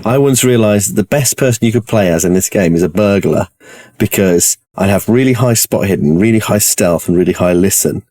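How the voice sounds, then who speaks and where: A man's voice: fairly low pitch, brisk, a little mellow, no room sound. A man narrating and running a tabletop horror game in an easygoing, chatty way. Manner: easygoing, laughing. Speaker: game master.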